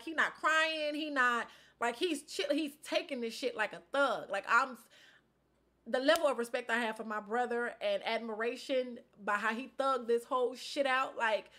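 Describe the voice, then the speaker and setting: A young woman vlogger, from Inglewood, telling a casual life update in an animated, slangy way, with loud outbursts and low asides. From Inglewood, California.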